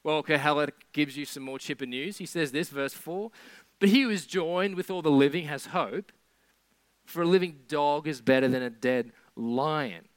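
A man's voice: a little high, moderate pace, no echo. A man preaching a sermon in a conversational way, with sarcastic asides.

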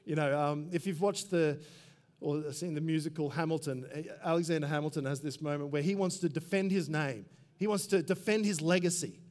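A man preaching a sermon in a relaxed, conversational way, full of asides and quick fillers. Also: a little high. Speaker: pastor.

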